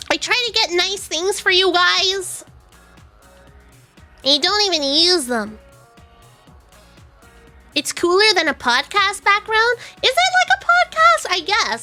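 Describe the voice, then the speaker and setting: A woman's voice: very high voice, sing-song, measured pace, sharp tone, soft background music. A young woman VTuber streamer chatting casually, rambling and self-deprecating, often giggling.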